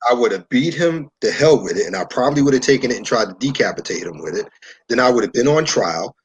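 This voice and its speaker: A man from New York, a show guest, telling a story in a relaxed, conversational way and acting out what people said. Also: medium pitch, quick pace, poor audio. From New York, USA. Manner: animated storyteller who acts out dialogue.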